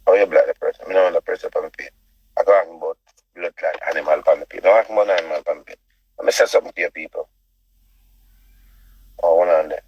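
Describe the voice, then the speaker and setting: A man's voice: low voice, fairly even intonation, racing, slightly rough, no room sound, muffled recording. A man with a Jamaican accent ranting as a show host, preachy and repetitive and full of rhetorical questions. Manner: preachy, repeats himself, asks rhetorical questions. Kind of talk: ranting commentary.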